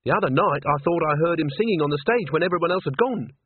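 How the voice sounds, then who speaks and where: A man's voice: fairly high pitch, lively intonation, quick pace, breathy edge, no room sound, pitched above the performer's own voice. A man reading aloud while voicing an earnest, anxious young woman who stammers and pleads. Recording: tinny narrow phone-like sound.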